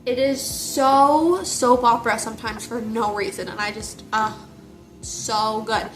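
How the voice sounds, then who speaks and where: A young woman casually retelling a book series, animated and jokey. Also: on the high side, unhurried, soft background music. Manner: animated, gushing, jokey storytelling. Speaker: book reviewer. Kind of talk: casual chat.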